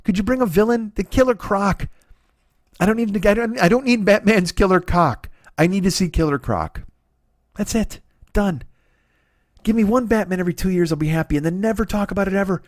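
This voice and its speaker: A man's voice: high voice, a little fast, dry recording, clean studio sound. A man in his forties hosting a comedy podcast, ranting profanely with stammering restarts and sarcasm.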